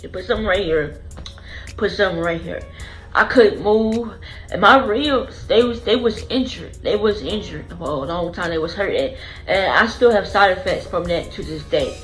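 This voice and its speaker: A woman's voice: medium pitch, normal speed, fairly bright tone, soft background music, poor audio. A woman vlogger telling her own story in an earnest, emotional way, going back over phrases as she remembers. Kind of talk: personal storytelling to camera.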